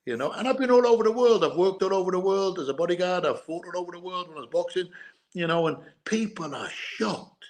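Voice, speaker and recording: A man's voice: sits high, fast. Irish-english ex boxer guy chatting in an interview, earnest, keeps repeating himself. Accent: Irish with English mix. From Ireland. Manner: repetitive, earnest storytelling with restarts. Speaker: guest, former boxer and bodyguard. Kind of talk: casual interview chat.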